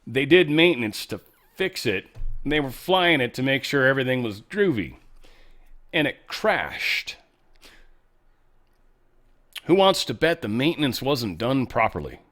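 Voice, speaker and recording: Here a man's mid-range voice has a sing-song lilt, moving at normal speed with a slightly bright tone. He hosts a podcast and delivers a casual political monologue, wandering loosely through the news and fixing his own slips as he goes.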